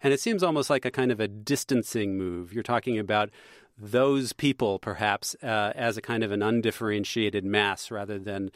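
Measured, lower-voiced male language expert. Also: dry recording, clean studio sound. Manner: measured and explanatory, many fillers, trailing off softly. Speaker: language columnist guest. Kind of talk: radio interview.

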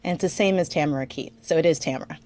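Easygoing low-voiced woman co-host. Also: racing, a little mellow. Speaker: podcast co-host. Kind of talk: casual chat.

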